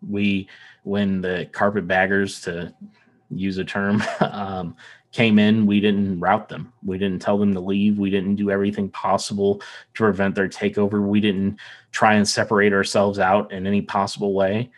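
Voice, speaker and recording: A man from the American South who has no Southern accent speaks earnestly in a casual podcast chat, his voice low-ish with little pitch movement at a normal speed. He rambles, often restarting and repeating words.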